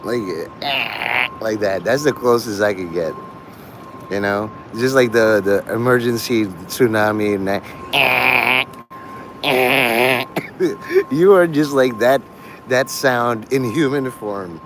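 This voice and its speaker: A man's voice: mid-range voice, slow pace, fairly bright tone, slight background noise. A man hosting a casual livestream, rambling, laughing often and swearing freely. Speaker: livestream host.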